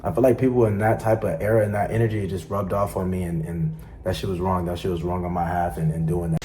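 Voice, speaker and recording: A man explaining himself to the camera about past allegations, rambling and halting as he reflects. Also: low voice, little pitch movement, noisy background. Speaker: content creator responding to allegations.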